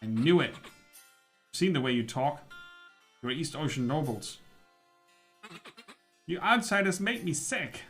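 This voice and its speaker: A man's voice: on the high side, big pitch swings, takes it slowly, pauses often, fairly bright tone, soft background music, heavily acted. A man voicing a scornful, haggling male capybara trader while reading game dialogue aloud. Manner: sneering, dismissive.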